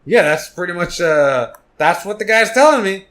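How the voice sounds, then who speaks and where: Guy on a podcast rambling thru a story, bright voice, lots of likes and uhs. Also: high-pitched, lively intonation, normal speed. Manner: rambling, lots of fillers and restarts. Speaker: podcast co-host. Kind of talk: casual chat, storytelling.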